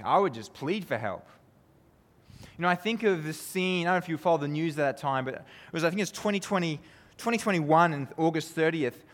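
A man preaching a sermon, earnest and conversational, who keeps asking his listeners tag questions and swings from emphatic peaks down to low, quiet lines. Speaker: pastor. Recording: long reverb of a hall.

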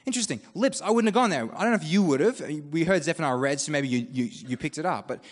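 A man with an Australian accent preaches a sermon in a conversational, animated way. He breaks off into quoted asides. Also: a little high, fast talker. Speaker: pastor. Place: church. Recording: long church reverb.

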